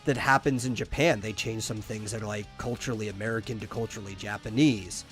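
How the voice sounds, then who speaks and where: A man's voice: lowish voice, steady tone, fast talker, a bit bright. Man, podcast co-host, casual chat, rambling, stumbles over words, faint music behind. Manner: rambling, repeats words when starting sentences.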